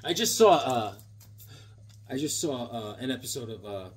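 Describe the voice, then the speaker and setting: A man's voice: medium pitch, animated, normal speed, slightly rough. A man in his seventies chatting casually and enthusiastically while showing off his haul of old comic books, rambling and joking as he goes. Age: 70s. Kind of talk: casual haul video chat.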